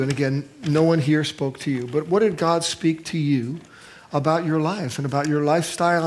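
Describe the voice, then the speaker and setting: A man leading a church interview, speaking in a gentle preaching tone and asking probing questions. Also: on the high side, a little hiss or hum.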